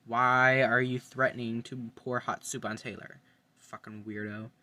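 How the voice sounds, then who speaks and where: Blunt, sharp-voiced young vlogger. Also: mid-range voice, flat delivery, unhurried. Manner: blunt, opinionated, swears freely. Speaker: reality TV fan vlogger. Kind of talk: casual ranking monologue.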